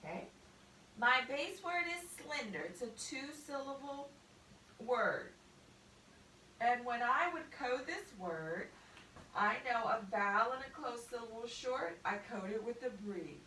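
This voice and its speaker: A woman's voice: a little high, lively intonation, measured pace, bright, forceful tone, echoey room, distant mic, slight background noise, poor audio. A woman teacher giving a patient spelling lesson to a student, spelling out words letter by letter.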